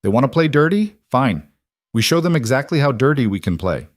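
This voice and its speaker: A man voicing a proud older foreign merchant and father who speaks flatly and grimly, in an audiobook romance. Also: mid-range voice, fairly quick, no echo, clean studio sound, pitched above the performer's own voice, natural voice. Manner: flat, grim and forceful.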